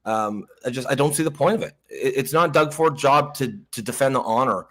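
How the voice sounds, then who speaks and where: A man's voice: mid-range voice, fairly quick, a bit bright. A man hosting a casual political talk show, stammering and swearing as he argues, laughing often. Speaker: podcast host.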